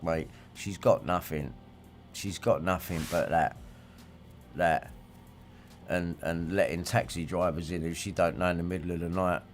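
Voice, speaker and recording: A man's voice: sits low, vocal fry. A man, ranting and swearing in a rambling livestream monologue and reacting to viewer comments. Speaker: livestream host.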